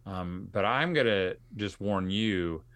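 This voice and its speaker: A male podcast host tells stories to his listeners in an earnest, conversational monologue. His voice sits low and a bit bright, and he speaks slowly.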